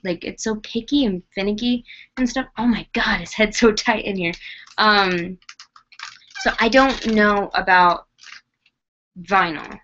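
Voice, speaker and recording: Female doll vlogger, rambling casual chat, mid pitch, dull lo-fi recording. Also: a bit bright, slight background noise. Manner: rambling, chatty, many fillers. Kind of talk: casual chat while working.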